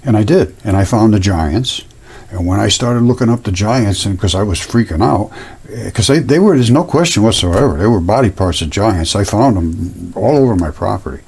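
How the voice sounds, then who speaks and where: Guy with a gravelly husky voice talking casually over pictures, earnest, repeats himself a lot. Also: on the low side, lively intonation, moderate pace, darkish tone. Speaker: host. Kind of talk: casual talk over images.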